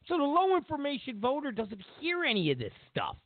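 Heated and sarcastic, a talk-show host rants his political opinions, putting on voices to mock others. He talks a little fast, his extremely high voice swinging hugely in pitch. Dry, phone-like lo-fi recording.

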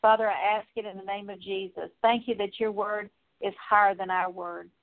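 Woman prayer leader, earnest confessional prayer, gravelly edge, flat delivery, phone-quality sound. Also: medium pitch, normal speed. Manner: earnest, repetitive confessional phrasing with fillers. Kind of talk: spoken prayer. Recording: tinny phone-like audio.

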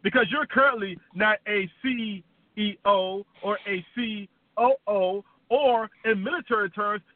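A man's voice: sits high, a little slow, no room sound. A man trash-talking a rival in a boastful, mocking wrestling-style promo, recorded with a tinny, phone-like sound.

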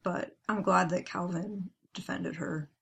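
Low gravelly-voiced woman podcast co-host. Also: steady tone, measured pace, fairly bright tone. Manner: reads tweets aloud, then comments with a laugh. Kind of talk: casual fan podcast chat.

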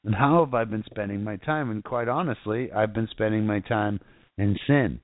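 A man's voice: lowish voice, normal speed, no room sound. A man preaching an informal, fervent sermon that rambles, with frequent restarts and repeated phrases. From South Florida. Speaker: internet radio preacher. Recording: tinny phone-line sound.

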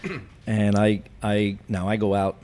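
A retired police chief telling wry, deadpan stories from his career in an interview. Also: fairly low pitch, unhurried, a little hiss or hum. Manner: wry, deadpan anecdotes with cop jargon. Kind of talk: storytelling in a podcast interview.

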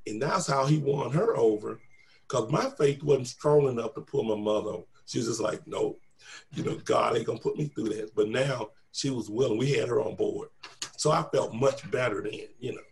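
A man's voice: mid-range voice, moderate pace, vocal fry. A middle-aged man telling a personal testimony, animatedly acting out the voices of the people in his story. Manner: animated, acts out quoted voices.

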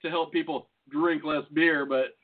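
A man's voice: a little high, steady tone, unhurried. A man co-hosting a podcast, chatting loosely and profanely and laughing often. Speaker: podcast co-host. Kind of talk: casual profane chat. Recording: phone-like lo-fi sound.

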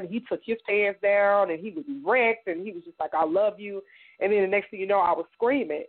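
A middle-aged woman from Indiana recounts her past in a radio interview, her voice thin and phone-like. She talks haltingly, doubles back on her words, and voices the people in her story as she goes. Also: medium pitch. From Indiana, United States. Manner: halting, repeats words, acts out others' lines. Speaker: guest survivor telling her story. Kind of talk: personal testimony in a radio interview. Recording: tinny phone-like radio sound.

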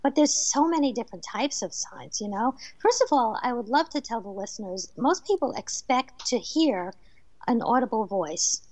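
A woman with a New Jersey accent, a medium speaking as a guest on a talk show and telling stories in an animated way with laughter. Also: on the high side, normal speed, no room sound, poor audio. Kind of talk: casual storytelling interview.

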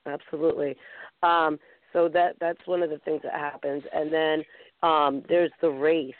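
A woman's voice: low-pitched, little pitch movement, normal speed, dry recording. A woman hosting a casual call-in talk show, talking with eager enthusiasm. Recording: tinny phone line, dry.

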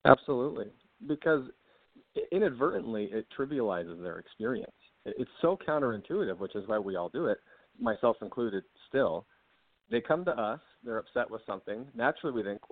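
A man's voice: mid-range voice, expressive, dry recording. A man, an author, explaining his ideas as an interview guest in an earnest way and laughing easily. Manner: earnest, quick to laugh, acts out example dialogue. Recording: dry, tinny phone-like line.

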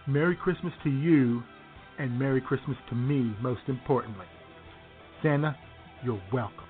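A man's voice: mid-range voice, moderate pace, voice pushed down, lightly acted. A man doing a bragging president-elect impression. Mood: boastful. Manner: bragging, repetitive superlatives. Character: boastful, self-congratulating male president-elect impression. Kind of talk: comedy radio impression. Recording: tinny phone-like radio audio with music.

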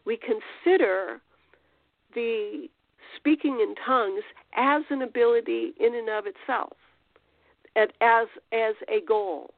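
A woman with a gravelly voice on the high side speaks at a slow pace, with no room sound but tinny phone-line audio. Hosting a podcast, she gives an informal spiritual teaching in a rambling, conversational way full of restarts and fillers.

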